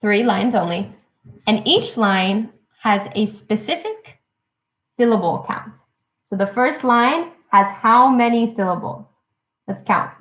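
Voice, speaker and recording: A young woman teaching English poetry to children in a live online lesson, speaking slowly and clearly and cheering them on. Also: medium pitch, a bit bright, reverberant, low-quality recording. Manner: encouraging, slow and clear, counting syllables aloud. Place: at home.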